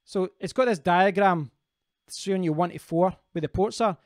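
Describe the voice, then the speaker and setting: A man's voice: sits high, normal speed, dry recording, studio quality. A man hosting a casual live stream, rambling as he answers viewers' comments and often restarting his sentences.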